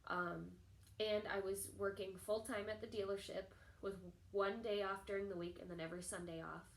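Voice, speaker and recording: A young woman talking straight to her camera, telling a personal story in a chatty, animated way and acting out other people's lines. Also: a little fast. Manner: chatty, animated, acts out quoted people in a higher voice. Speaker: vlogger. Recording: echoey room.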